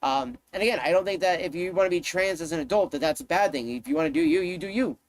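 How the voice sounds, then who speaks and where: A man's voice: high-pitched, fast, no echo. A man live-streaming, ranting to his chat in a heated, profane way, often repeating himself.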